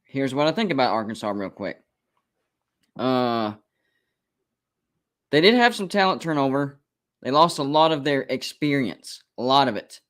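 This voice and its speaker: A man of middle pitch holds forth on a live sports stream, off the cuff and insistent. He hammers his points by saying them again and again, defending his calls. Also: expressive, measured pace, long pauses, a bit bright. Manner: emphatic and repetitive, defending his takes. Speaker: college football show host.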